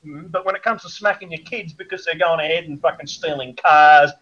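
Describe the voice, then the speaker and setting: A man's voice: fairly high pitch, brisk, pushed and bright, dull audio. A man ranting as a podcast guest, blunt, crude and sarcastic. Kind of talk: profane ranting commentary.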